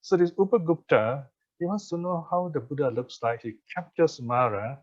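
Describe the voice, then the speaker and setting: A man's voice: fairly high pitch, animated, moderate pace. An older man from Malaysia giving a Buddhist teaching over a video call, telling stories with frequent laughs and check-ins like "okay" and "you see.". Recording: dull video call audio.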